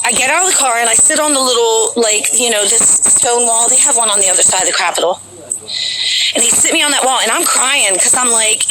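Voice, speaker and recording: A woman's voice: a little high, normal speed, noisy background. A woman vlogger telling a long personal story to her viewers in a rambling, chatty way, full of fillers, outdoors near a capitol building. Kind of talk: casual storytelling to camera.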